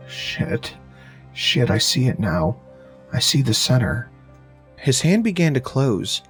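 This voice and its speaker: A man narrating a horror story in a steady, measured way. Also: mid-range voice.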